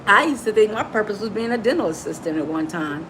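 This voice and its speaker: A woman's voice: medium pitch, animated, fast talker, background noise. A middle-aged woman hosting a live motivational talk, emphatic and preachy, calling her listeners "baby". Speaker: motivational coach and host.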